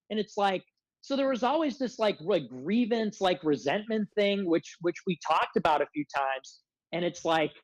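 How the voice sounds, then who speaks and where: A man's voice: sits high, lively intonation, normal speed, no room sound, rough recording. A man speaking as a podcast guest in casual conversation. He rants in an aggrieved, rambling way and fills nearly every phrase with "like.". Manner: rambling aggrieved rant, heavy use of filler "like".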